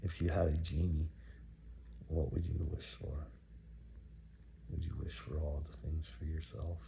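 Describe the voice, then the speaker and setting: A man with a very low, gravelly voice talks straight at one viewer. His rant is taunting and preachy, and he piles up question after question. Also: level tone, a little slow, background noise. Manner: taunting, preachy, repeats "little me". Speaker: commentator reacting to a clip. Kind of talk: ranting monologue to a viewer.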